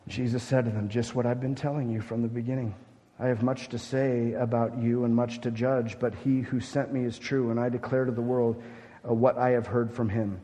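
A man's voice: medium pitch, level tone, moderate pace. Male pastor, mid-range voice, emphatic sermon delivery, long hall reverb. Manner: emphatic preaching, swinging between loud urgency and hushed gravity.

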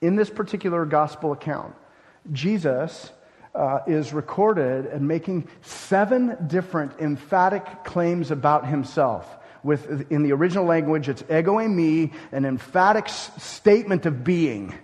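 Preaching from the pulpit at a measured pace, a pastor with a voice high for a man swings widely between loud, emphatic declarations and hushed phrases. A long reverb suggests a large church.

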